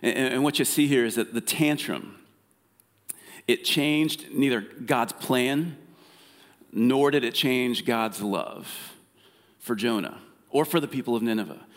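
A man preaching a sermon in a relaxed, conversational way, with plenty of fillers and restarts. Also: medium pitch, takes it slowly, pauses often, in a large hall. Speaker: pastor. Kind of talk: casual sermon.

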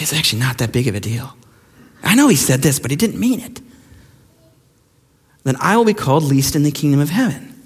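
A middle-aged man preaching a sermon as pastor, emphatic and mocking as he acts out quoted voices. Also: high voice. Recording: long hall reverb.

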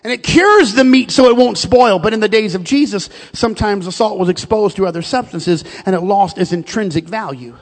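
Emphatic preacher, high voice, reverberant hall. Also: male voice, fairly quick, hardly any pauses. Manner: emphatic, storytelling, repeats words. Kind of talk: sermon.

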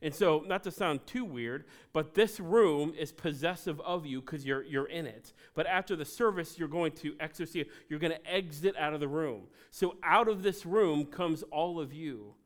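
A male pastor delivering a sermon in a church service, his voice sitting a little high for a man. He talks in an easy conversational way, slipping in quick jokes aimed at the congregation between points. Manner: conversational, with joking asides to the congregation.

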